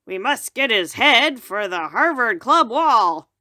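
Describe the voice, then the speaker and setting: A trigger-happy storybook hunter hollering commands to fire, as a woman reader puts him on. The voice rides high and loud, with big swings in pitch. It is recorded close and dry. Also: big pitch swings, takes it slowly, no room sound, heavily acted. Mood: commanding. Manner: shouting commands. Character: bloodthirsty male hunter barking orders.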